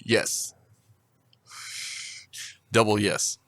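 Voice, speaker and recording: A man's voice: lowish voice, flat delivery, extremely slow, fairly bright tone, no echo. A man co-hosting a podcast, chatting casually, laughing along and wrapping up the episode. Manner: laid-back, laughing along, wraps up the show. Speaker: podcast co-host. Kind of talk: casual chat.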